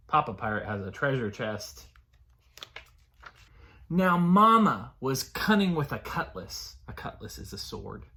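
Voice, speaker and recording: A man leading a preschool story time as a children's librarian, reading aloud in an animated, sing-song way and talking to small children. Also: mid-range voice.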